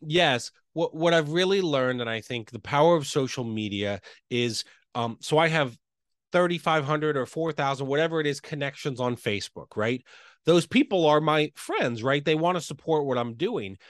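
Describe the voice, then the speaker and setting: Earnest male podcast guest, quick and eager, a touch high-pitched, recorded dry. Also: animated, dry recording. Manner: earnest, fast, enthusiastic talker with frequent "right?" tags. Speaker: real estate coach and realtor.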